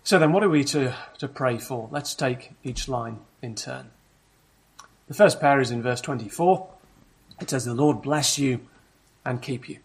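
A man preaching in a church, with a slightly husky, breathy voice at a medium pitch. He explains things patiently and steadily, stopping now and then to put rhetorical questions to his listeners. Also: unhurried. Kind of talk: sermon.

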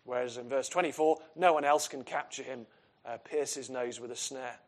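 A man's voice: medium pitch, steady tone, moderate pace. A man preaching an expository sermon, earnest and emphatic, asking his listeners questions.

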